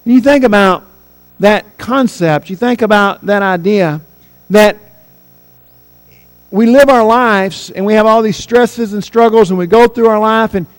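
A man preaching a sermon, rising on his key points and dropping low when he quotes scripture. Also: unhurried, smooth, soft background music, rough recording.

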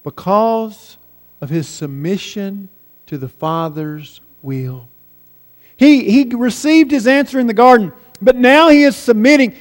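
Slow, high-voiced preacher in a reverberant hall. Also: male voice. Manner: slow and deliberate, dropping soft on key words. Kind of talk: sermon.

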